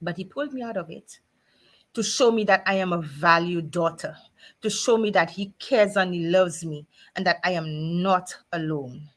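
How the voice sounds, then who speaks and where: A woman's voice: on the low side, normal speed. A middle-aged woman hosting her nightly live show, speaking earnestly and emotionally about her own struggles, with frequent restarts and fillers. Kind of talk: heartfelt personal talk to a live audience.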